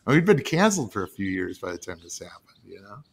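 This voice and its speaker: A man's voice: lowish voice, fast talker, creaky, heavy background noise. A middle-aged man, a TV writer, telling stories in a casual podcast chat, laughing and acting out the quotes. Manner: animated, laughing storyteller who acts out quotes. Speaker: TV writer and producer, guest.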